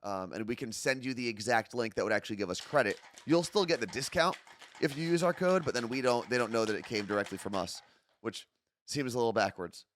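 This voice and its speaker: A man's voice: medium pitch, a little fast, fairly bright tone, slight background noise. A man co-hosting a casual morning show, joking and poking fun at himself. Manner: joking, self-mocking. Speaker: podcast co-host.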